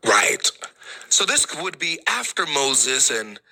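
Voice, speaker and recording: Debate guy, sharp tense voice, animated, keeps cutting in. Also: medium pitch, creaky, rough recording. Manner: quick to interrupt, laughing dismissively. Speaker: debate host. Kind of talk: heated online debate.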